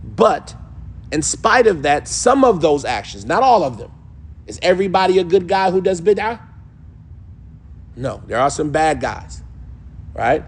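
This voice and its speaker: A man's voice: on the high side, very animated, unhurried, long pauses, breathy edge. A man teaching a class on a classical text, firing rhetorical questions at the group and answering them himself. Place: mosque hall.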